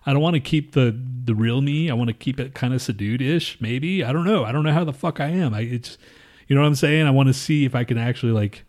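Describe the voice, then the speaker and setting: A man's voice: mid-range voice, fast talker, darkish tone. A man in his thirties co-hosting a podcast, telling a long story in a rambling, profane way and acting out his coworkers' lines. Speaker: podcast co-host. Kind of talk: casual chat.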